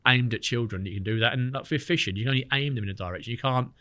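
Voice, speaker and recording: A rapid, lively man in his thirties spins rambling stories packed with "like" and restarts. His voice sits slightly low yet sounds bright and forward. The sound is close and dry, with no room around it. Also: no room sound. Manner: chatty storyteller, lots of fillers. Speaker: podcast guest, angler. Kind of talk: casual chat.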